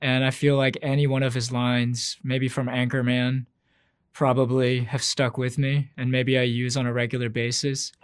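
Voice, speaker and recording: A man's voice: medium pitch, little pitch movement, normal speed, clean tone. Wry man joking in an interview. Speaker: interview guest. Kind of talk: casual interview talk.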